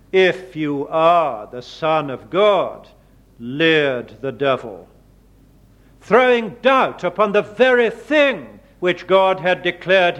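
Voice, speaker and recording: A man preaching a sermon, slow and deliberate, leaning hard on quoted words. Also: on the high side, a bit bright. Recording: dull lo-fi sermon recording.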